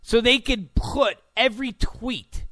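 A man's voice: very high-pitched, takes it slowly, fairly bright tone, no echo. A man hosting a talk radio show, ranting in a sarcastic, mocking, abrasive tone.

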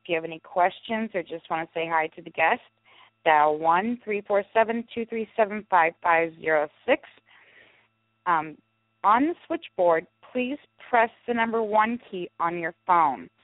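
Low-voiced woman co-host, phone line. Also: normal speed, dry recording. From St. Louis area. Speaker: show co-host. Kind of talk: casual chat on internet radio. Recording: tinny phone-line audio.

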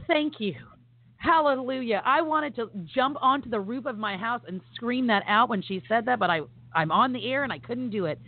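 On a casual podcast, a woman co-host talks a little fast in a voice on the high side, with hardly any pauses and no echo. Enthusiastic and emphatic, she uses many fillers, and the audio is phone-like with faint noise.

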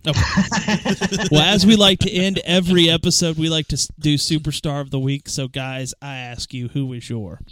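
A man hosting a casual podcast chat, relaxed, laughing often and trailing off with fillers. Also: fairly high pitch, moderate pace, dry recording. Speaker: podcast host.

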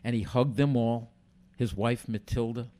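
An older man, a podcast guest telling animated stories and acting out the dialogue. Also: mid-range voice, measured pace. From United States. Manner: animated storyteller who acts out quoted dialogue. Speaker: guest, former boxing commissioner. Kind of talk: casual storytelling on a podcast.

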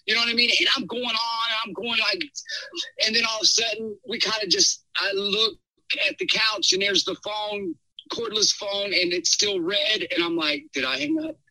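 A middle-aged man telling a personal story in a casual podcast chat, rambling and animated, with many fillers. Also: high voice, normal speed, poor audio. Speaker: podcast guest.

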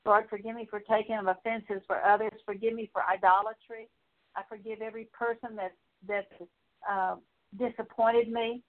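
A woman Bible teacher leading a prayer of confession in earnest, repetitive petitions with halting pauses. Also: fairly high pitch, little pitch movement. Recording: tinny phone-like recording.

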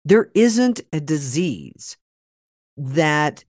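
A man's voice: on the high side, big pitch swings, drawn-out words, dry recording, studio quality. A man from Oklahoma with an Oklahoma accent, hosting a podcast in a blunt, folksy, rambling way. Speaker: podcast host. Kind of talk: casual chat with a guest, then a sponsor plug.

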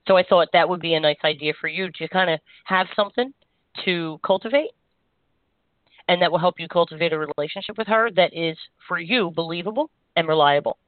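Woman, energy healer, soft reassuring guidance, rambling and warm-hearted, tinny phone sound, dry. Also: fairly low pitch, fairly quick, no echo. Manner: gentle, reassuring, meandering with frequent "you know". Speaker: energy healer and show host. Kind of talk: spiritual guidance on a call-in show.

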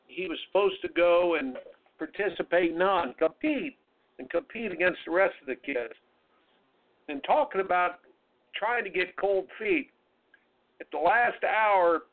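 A man hosting a radio talk show, telling stories in an emphatic, folksy, motivational way. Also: sits high. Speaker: radio show host and tennis coach. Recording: narrow phone-like radio sound.

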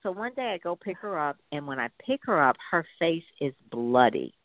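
A woman, an author and guest, sharing a faith testimony in an interview as a lively storyteller who repeats her points for emphasis. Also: low-pitched, moderate pace, dry recording. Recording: tinny phone line.

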